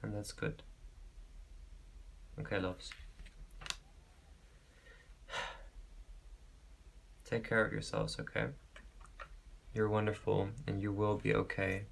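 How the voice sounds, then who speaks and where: A man giving a pick-a-card tarot reading, talking gently and reassuringly, rambling with restarts and calling listeners babe and beautiful soul. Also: fairly low pitch, monotone, slow pace, gravelly, long pauses, slight background noise. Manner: affectionate, calls viewers babe and beautiful soul. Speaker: tarot reader.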